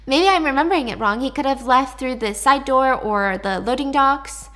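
A woman's voice: high-pitched, moderate pace, fairly bright tone. A woman voicing a nervous young male employee who stammers and gets defensive.

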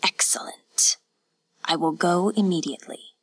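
A woman voicing a cold, ruthless male samurai lord in a whispered role-play, talking in a deadly hush. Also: on the low side, measured pace, breathy edge, no echo. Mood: curt.

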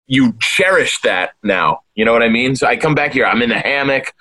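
Co-host, young man, medium voice, relaxed and easygoing. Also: mid-range voice, brisk, rough recording. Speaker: podcast co-host. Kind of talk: casual chat.

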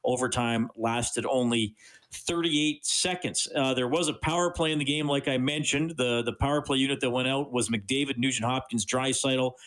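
Man, sports radio host, upbeat, brisk news rundown, mid pitch. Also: fairly bright tone.

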